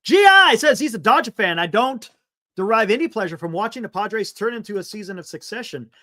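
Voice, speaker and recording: A man's voice: high-pitched, expressive, fairly quick, bright, forceful tone. A man hosting a live sports stream, chatting loosely, reading viewer comments and laughing often.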